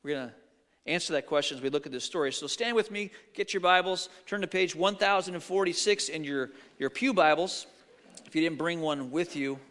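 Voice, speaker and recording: In a church sanctuary with long hall reverb, a middle-aged male pastor gives a sermon, animatedly telling stories and acting out the quotes. His voice has a fairly high pitch and a fairly bright tone.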